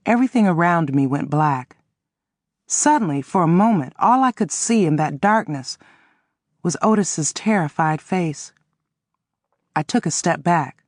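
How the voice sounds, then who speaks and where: A woman narrating a first-person audiobook in an expressive, dramatic reading. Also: low voice, unhurried, no echo, clean studio sound.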